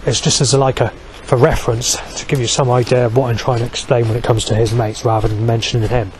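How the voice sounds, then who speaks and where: A man's voice: medium pitch, level tone, quick pace, a little hiss or hum. A man talking in a long, rambling vlog monologue, swearing heavily and restarting sentences, with many fillers.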